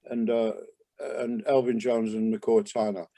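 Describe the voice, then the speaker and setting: An older man, a jazz trumpeter, reminiscing in a relaxed interview, rambling with many restarts and asides. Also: on the low side, measured pace. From England.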